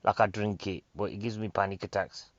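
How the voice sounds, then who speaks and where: Excitable, rambling Northern English male comic. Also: lowish voice, fairly quick, dry recording. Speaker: stand-up comedian. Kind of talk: rambling stand-up monologue. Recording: dry, slightly dull sound.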